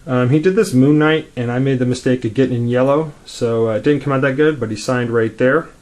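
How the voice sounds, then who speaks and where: A laid-back man chatting through a casual show-and-tell, his voice sitting at an ordinary middle pitch. He rambles along quickly with plenty of fillers and restarts. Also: darkish tone. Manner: talks quickly. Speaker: comic collector vlogger.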